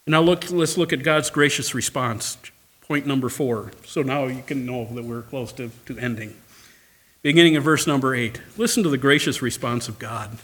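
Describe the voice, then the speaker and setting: A man's voice: fairly high pitch, moderate pace, a bit bright. A male pastor preaching a sermon, emphatic, repeating phrases and calling for amens.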